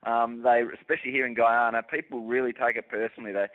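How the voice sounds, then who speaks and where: A man's voice: mid-range voice, flat delivery, fast talker. An Australian man, a cricket commentator, chatting casually as a radio guest, telling stories and laughing easily. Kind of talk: casual radio chat over the phone. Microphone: phone. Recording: tinny phone line.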